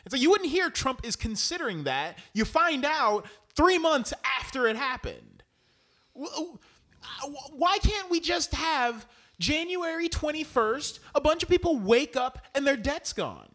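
Young guy with a really high voice ranting on a podcast, swears a lot, jumps all over the place. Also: a little slow. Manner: animated, profane, mocking impressions. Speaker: podcast co-host. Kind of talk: casual political rant.

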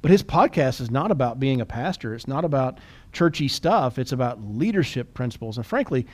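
A male podcast host in relaxed conversation. He talks quickly and eagerly, with frequent restarts and repeated words. His voice sits at an ordinary middle pitch. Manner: animated and quick. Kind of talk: casual podcast chat.

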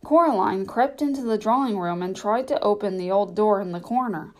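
A woman narrating a children's novel audiobook at a measured storytelling pace. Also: medium pitch, a little mellow.

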